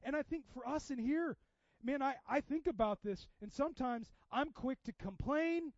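Male pastor, high voice, chatty sermon delivery, loud pushes and hushed asides, dull dry recording. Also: moderate pace, dry recording. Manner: conversational, swinging from loud exhortation to hushed asides.

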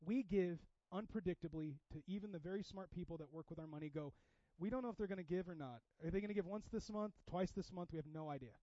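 Man, pastor, casual animated sermon, high voice, dry slightly muffled sound. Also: fast talker, few pauses, no room sound. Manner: casual, animated preaching with sudden loud bursts.

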